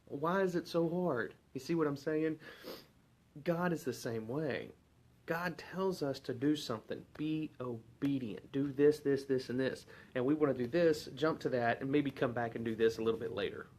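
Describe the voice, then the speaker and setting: A man's voice: mid-range voice, moderate pace, darkish tone. Man preaching a casual devotional sermon. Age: adult parent. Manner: conversational, asks rhetorical questions.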